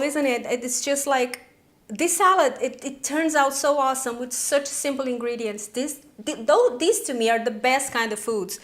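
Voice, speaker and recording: A woman hosting her own cooking video, chatty and excitable, demonstrating a recipe with frequent exclamations. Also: high voice. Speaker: cooking channel host.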